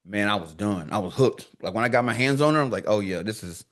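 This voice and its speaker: Low-ish and fast, this man's voice comes from a podcast guest in easygoing conversation. Slangy and animated, he tells stories and acts out the dialogue within them.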